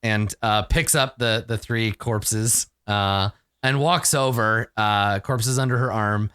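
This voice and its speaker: Male game master, casual quick narration, dry close mic. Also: on the low side, steady tone, fairly bright tone, clean tone, no echo. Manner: quick, loose narration with fillers.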